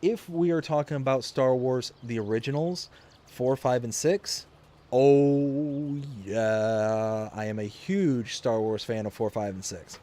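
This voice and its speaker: Man, live streamer, casual gaming chat, middle pitch, rambling, jokey, chuckles a lot, home office. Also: lively intonation, normal speed, warm tone.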